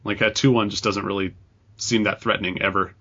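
Bright-toned man leading game chat. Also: fairly low pitch, level tone, brisk, breathy edge. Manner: leads the discussion, reads out card details. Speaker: podcast co-host. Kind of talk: casual chat. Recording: dull lo-fi sound.

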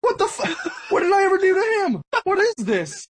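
A man putting on the voice of an indignant young man who is loudly outraged at being snubbed. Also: extremely high pitch, huge pitch swings, moderate pace, slight background noise, pitched above the performer's own voice, exaggerated voice. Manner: loud, incredulous complaining.

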